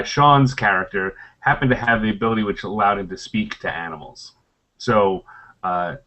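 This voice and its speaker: A man's voice: on the low side, pushed and bright. A middle-aged man, a former game designer, telling anecdotes on a convention panel in a rambling way, with many fillers and restarts.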